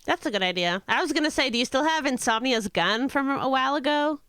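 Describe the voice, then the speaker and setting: A woman with a bright, smooth voice plays a tabletop game, her pitch swinging in a lively, animated way. She is playful and laughs as she plans her moves. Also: fast talker, dry recording, studio quality. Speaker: player. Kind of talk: casual tabletop game chat.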